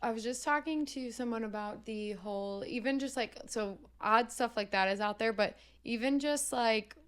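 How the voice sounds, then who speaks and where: A woman hosting a podcast, speaking casually and pausing often with fillers as she shapes her thoughts. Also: on the high side, smooth. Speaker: podcast host. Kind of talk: casual chat.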